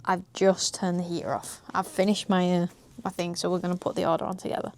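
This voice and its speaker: A woman's voice: lowish voice, level tone, fast, darkish tone. A British woman in her twenties, chatting casually in a vlog about running her small business, easily sidetracked and swearing lightly. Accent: British English. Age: 20s. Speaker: vlogger, small business owner. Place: small home office indoors.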